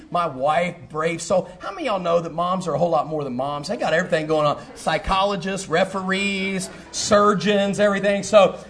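A middle-aged man, a pastor telling a personal story in a sermon, animated and full of fillers and restarts. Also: fairly high pitch. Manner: animated, repeats himself, lots of fillers.

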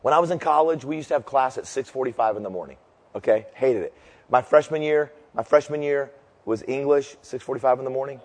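A man's voice: medium pitch, fairly quick. A man preaching a sermon, telling jokey stories and leading his audience through a cheer. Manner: animated, jokey storyteller leading a crowd cheer. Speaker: pastor. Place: large hall before a live audience. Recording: long hall reverb.

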